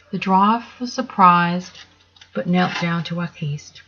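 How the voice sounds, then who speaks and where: A woman reading a children's story aloud in a gentle, measured way. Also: lowish voice, lo-fi sound.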